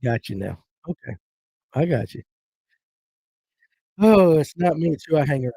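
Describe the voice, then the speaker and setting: A man's voice: a little high, very animated, moderate pace, creaky, dark tone, slightly rough, no room sound, poor audio. A man hosting a casual fishing livestream, reading viewer comments aloud and riffing on them in a folksy, joking way. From Georgia. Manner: joking, rambling, folksy banter.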